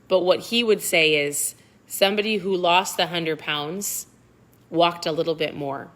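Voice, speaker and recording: A woman's voice: lowish voice, a bit bright. A woman hosting a live motivational book-club talk, encouraging her viewers, asking them direct questions and repeating her key points. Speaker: host.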